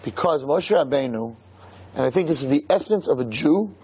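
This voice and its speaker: High, lively male Torah lecturer. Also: moderate pace, husky, low-quality recording. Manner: emphatic, rhetorical questions.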